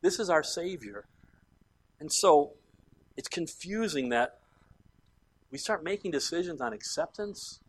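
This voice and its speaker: A man preaching a sermon as pastor, moving between quiet, intimate passages and loud, fervent climaxes. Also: mid-range voice. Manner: impassioned preaching that swings between soft and loud.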